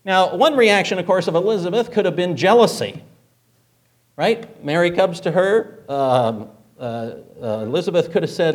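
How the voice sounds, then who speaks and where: A man's voice: sits high, animated, normal speed. Conversational man preaching a sermon. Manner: conversational, rhetorical questions, frequent fillers.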